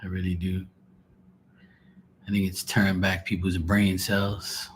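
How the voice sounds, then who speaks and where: A man's voice: sits low, level tone, slow, slight background noise. A man hosting a casual live stream, rambling and exasperated and swearing freely. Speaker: live tarot reader.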